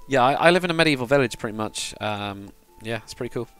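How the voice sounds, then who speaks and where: A man's voice: medium pitch, lively intonation, fast, fairly bright tone, clean tone, soft background music. A British man from the UK chatting casually with viewers while he builds in a game, rambling and swearing now and then. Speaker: livestreamer. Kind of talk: casual live-stream chat while building.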